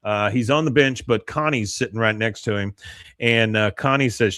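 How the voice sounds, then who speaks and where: A man's voice: on the low side, normal speed, fairly bright tone, dry recording. A man hosting a podcast, chatting casually through a show recap, laughing often and filling his speech with uhs. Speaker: podcast host. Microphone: close mic, live stream.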